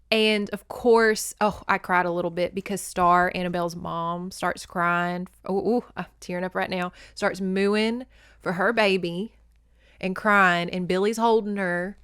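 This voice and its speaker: Chatty woman recapping a movie, smooth voice. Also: mid-range voice, fairly bright tone, no echo, studio quality. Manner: chatty, swears, laughs and tears up. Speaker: podcast host.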